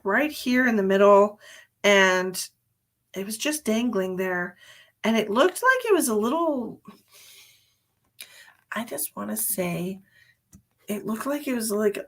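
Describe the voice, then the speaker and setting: A woman's voice: mid-range voice, fairly bright tone. A woman psychic medium giving a live-streamed reading, chatty and sleepy, thinking aloud with many fillers. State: sleepy, yawning.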